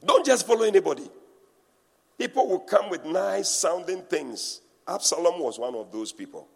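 Man, pastor preaching, animated, laughing, husky, slightly high voice, long hall echo. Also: normal speed. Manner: animated preaching with laughter and mimicry of church talk. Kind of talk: sermon. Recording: reverberant hall.

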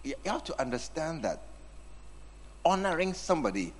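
A man's voice: a little high, sing-song, normal speed. A man preaching a sermon, teasing and acting out scenes with his congregation. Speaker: pastor.

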